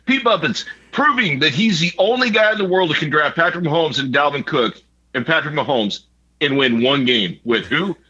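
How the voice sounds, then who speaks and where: A man's voice: on the high side, animated, normal speed, sharp tone, husky, lo-fi sound. A man co-hosting a fantasy football league recap, joking and swearing casually. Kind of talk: casual banter.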